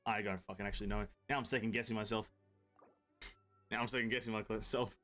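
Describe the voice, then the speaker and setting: A man's voice: on the low side, steady tone, fast, a bit bright, faint music behind. A man from Europe streaming a video game, chatting casually with his viewers, swearing freely and bantering with them. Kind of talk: casual live-stream chat while playing.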